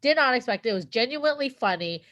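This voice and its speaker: A woman's voice: on the high side, expressive, quick pace, fairly bright tone, highs cut off. A woman co-hosting a podcast, chatting in an enthusiastic, talkative way. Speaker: podcast co-host. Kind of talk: casual chat.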